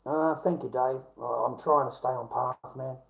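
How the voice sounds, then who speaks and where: A man's voice: mid-range voice, steady tone, normal speed, gravelly, low-quality recording. Profane, blunt Australian man ranting. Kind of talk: casual rant to viewers.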